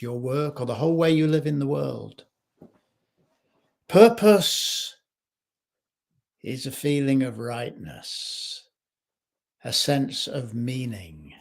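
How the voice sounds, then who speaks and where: A man speaking as a life coach in a slow, measured reflective talk, recorded in his home kitchen. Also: mid-range voice, vocal fry.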